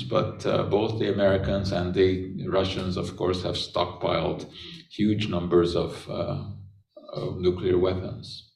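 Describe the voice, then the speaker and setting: A man's voice: deep voice, level tone, unhurried, vocal fry, a little mellow, far from the mic. Older man lecturing in an echoey hall. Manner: conversational, frequent "uh" and "of course". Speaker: science lecturer. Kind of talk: public science lecture.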